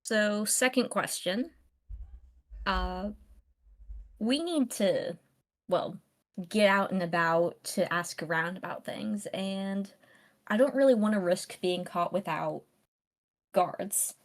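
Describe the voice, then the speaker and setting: A woman playing a tabletop game, speaking haltingly as she searches for words. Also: mid-range voice. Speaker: player. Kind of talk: casual chat.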